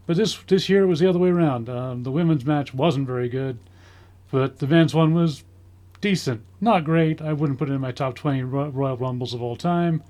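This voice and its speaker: A man's voice: mid-range voice, warm tone. A man giving a casual spoken review in a rambling way, full of ums, with dry sarcastic asides. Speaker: wrestling show reviewer.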